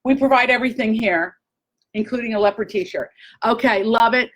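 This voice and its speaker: A woman hosting a casual live chat, gushing and excitable, talking straight to her viewers. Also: a little high, normal speed, low-quality recording. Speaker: host.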